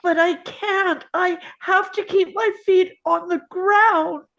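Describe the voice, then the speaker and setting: A woman's voice: extremely high pitch, steady tone, slow, vocal fry, a bit bright, dull audio, exaggerated voice. A woman reading the part of a timid, wondering young boy in a table read, speaking hesitantly and earnestly.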